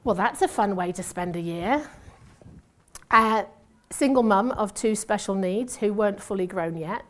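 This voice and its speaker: A woman's voice: mid-range voice, a little slow. A woman, a former nurse sharing a testimony sermon in a chatty, self-mocking way with asides. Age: 50s. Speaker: church speaker and former nurse.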